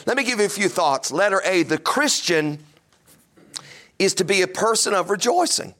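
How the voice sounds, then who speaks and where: A man's voice: high voice, big pitch swings, normal speed, a bit bright. A middle-aged man preaching a sermon, emphatic and full of rhetorical questions. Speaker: pastor.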